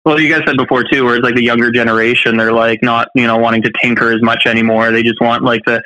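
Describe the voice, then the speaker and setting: A man's voice: medium pitch, little pitch movement, sharp tone, poor audio. A man telling rambling stories in casual chat, full of fillers and restarts. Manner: fast, rambling storyteller with many fillers.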